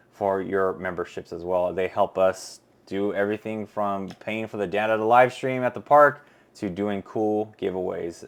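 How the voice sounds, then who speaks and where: A man hosting a casual theme park chat show, playful and joking. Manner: playful, joking, lively pitch. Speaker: host.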